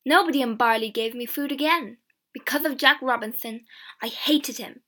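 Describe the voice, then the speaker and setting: A woman voicing a vengeful village witch mother who confesses in bitter, shouted outbursts. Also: high voice, moderate pace.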